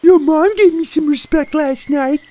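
A man voicing a cheeky, sassy young girl in a cartoon, with a high, mocking tone. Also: measured pace, very noisy.

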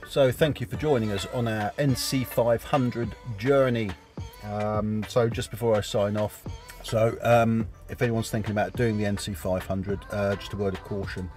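A man's voice: fairly low pitch, fairly even intonation, moderate pace, darkish tone, soft background music. A man narrating a campervan travel vlog in a casual, wry, understated way. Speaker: vlogger. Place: campervan trip outdoors.

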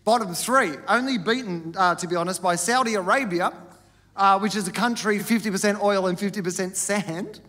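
A man's voice: normal speed, big-room sound. A man with an Australian accent performing a stand-up comedy set, telling a story animatedly and acting out the people in it. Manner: animated storytelling, acts out characters with big pitch jumps. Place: comedy stage before a live audience.

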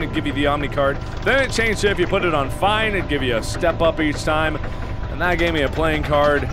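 A man hosting a gaming video, giving let's play commentary with loud, exaggerated, mock-angry outbursts. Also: on the high side, no echo.

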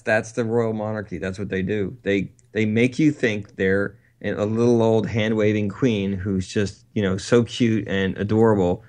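A man co-hosting a talk radio show, chatting casually in a rambling, animated way and laughing between points. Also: fairly low pitch. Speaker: co-host.

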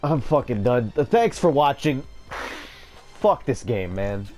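A man doing live gameplay commentary, raging, swearing and yelling in frustration. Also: mid-range voice, very animated, a little slow, soft background music. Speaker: gamer streamer.

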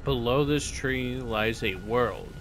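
A man hosting a casual let's-play, excitable and often yelling and repeating himself. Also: mid-range voice, slow pace, noisy background. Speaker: gaming channel host.

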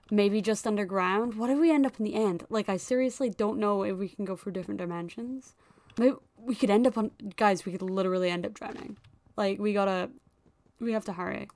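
An excitable young woman talking her way through a video game session at her desk mic. She chatters along with frequent squeals and laughs, and there is keyboard typing behind her. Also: medium pitch. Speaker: gaming YouTuber. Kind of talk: casual gameplay commentary.

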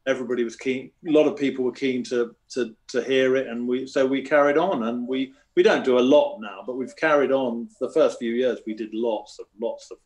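A man's voice: medium pitch, fairly quick, few pauses. Laid-back guy telling stories in an interview, wry and jokey. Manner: relaxed storyteller, wry and self-deprecating. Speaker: guest musician. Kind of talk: casual interview.

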